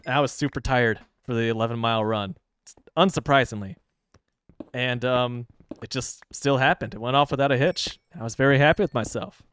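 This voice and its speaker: A man's voice: medium pitch, fairly quick, fairly bright tone, clear, resonant tone. A man from the American Midwest giving casual, chatty commentary while playing a game on stream, joking to himself as he goes. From Midwestern United States. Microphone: streaming microphone.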